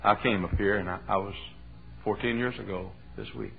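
A man preaching a sermon from his pulpit, telling a story and building to shouted fervor. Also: lowish voice, a little fast, vocal fry, faint music behind. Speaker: pastor. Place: church sanctuary. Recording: tinny phone-like old sermon tape.

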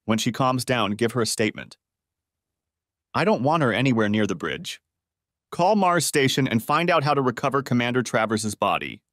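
A man's voice: mid-range voice, very animated, normal speed, fairly bright tone, dry recording, clean studio sound. A man as a stern, clipped starship captain. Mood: commanding. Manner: clipped commanding orders. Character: stern male ship captain, calm authority.

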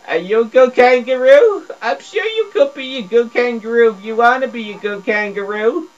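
A man's voice: animated, normal speed. Stammering goofy man, dull lo-fi sound. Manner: stammering, repeats words, dopey broken grammar; swings between mumbling low and squealing high. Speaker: gameplay video creator. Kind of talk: comedic gameplay commentary. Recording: dull lo-fi recording.

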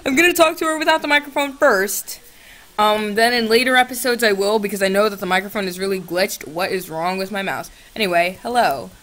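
Recorded on a computer's built-in mic, this young woman vlogger has a mid-range, somewhat bright voice and talks fairly quickly. She trades sarcastic remarks with a chatbot in casual conversation, alternating shrieks with mutters.

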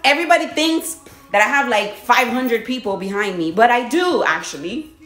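A woman talking casually on her vlog about her spiritual path, telling stories in an animated way and acting out her own reactions. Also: moderate pace. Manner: animated storytelling, laughs often, acts out her own reactions in a high voice. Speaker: body contouring business owner. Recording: echoey room with faint music.

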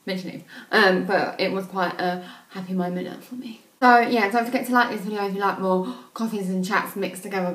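A woman's voice: mid-range voice, a bit bright. A young woman, rambling casually to camera as a beauty vlogger, full of "like" fillers, at home in her bedroom.

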